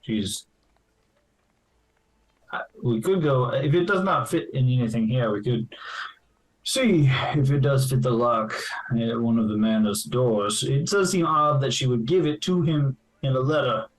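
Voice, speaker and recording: A man voicing a gruff, raspy dwarf man who shifts into a bear, speaking slowly and formally. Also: medium pitch, far from the mic, close to an everyday voice, low-quality recording. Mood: thoughtful.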